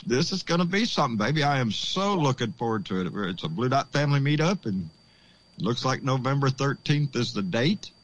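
A man hosting a casual call-in show, excitable and folksy, swearing freely and calling people "baby". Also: medium pitch, poor audio. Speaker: podcast host.

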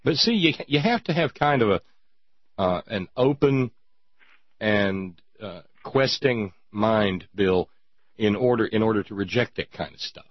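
A man's voice: fairly low pitch, animated, measured pace, dry recording. An older man hosting a radio talk show, with a dry, wry and thoughtful manner. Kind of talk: casual radio chat. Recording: dull dry radio audio.

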